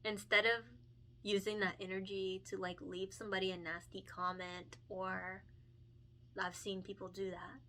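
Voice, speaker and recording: A woman's voice: medium pitch, pushed and bright. A young woman, a picture book illustrator, chatting casually and earnestly while coloring, with lots of fillers and laughs. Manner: chatty, earnest, many fillers and self-corrections; emotional and encouraging, laughs often.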